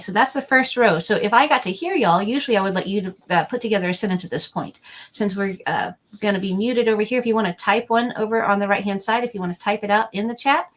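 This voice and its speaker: A woman's voice: medium pitch, rough recording. Chatty woman teaching a kids' language class. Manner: chatty, repeats words slowly for learners. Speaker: Spanish teacher. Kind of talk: live online lesson for families. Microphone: document camera setup, desk mic.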